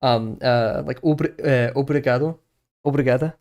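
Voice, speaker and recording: A man's voice: medium pitch, moderate pace, darkish tone. A young man, chatting casually on a live stream while he draws, rambling with many fillers and restarts.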